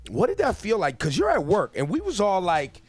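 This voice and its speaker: A man's voice: sits high, fairly quick, slightly rough, no echo. A man hosting a radio morning show, teasing and joking in casual banter with a guest. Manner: playful, teasing, animated.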